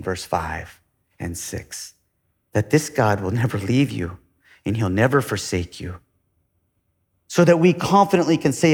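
A man preaching a sermon as a pastor, asking the congregation rhetorical questions and swinging between loud emphasis and quiet asides. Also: on the high side, big-room sound.

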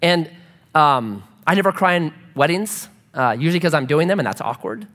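A man preaching a sermon as pastor, animated and acting out quoted voices. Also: on the high side, moderate pace, in a large hall. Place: church sanctuary.

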